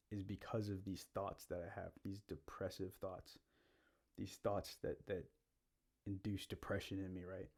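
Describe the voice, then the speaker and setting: A young man hosting his own podcast, rambling in a halting monologue and often repeating himself. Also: low voice, warm tone. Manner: meandering, halting, repeats himself, frequent "you know" and "like". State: out of breath. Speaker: podcast host.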